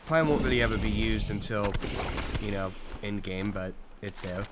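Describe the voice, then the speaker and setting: A man's voice: on the low side, moderate pace, heavy background noise. A young man chatting casually and joking as he plays a game alongside his mother. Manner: animated, joking. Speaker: gaming co-host. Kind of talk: casual let's play chat.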